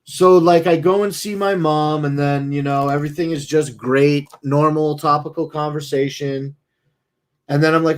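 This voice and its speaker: A man's voice: on the high side, fairly even intonation, normal speed. A man streaming, talking casually in a blunt, profane, rambling way. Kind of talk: casual talk.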